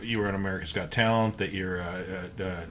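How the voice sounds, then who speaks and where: Male podcast host, lowish voice, relaxed halting questions, porch with faint mower noise. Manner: easygoing, asks questions with many restarts. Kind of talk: casual interview. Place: front porch. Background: lawn mower across the street.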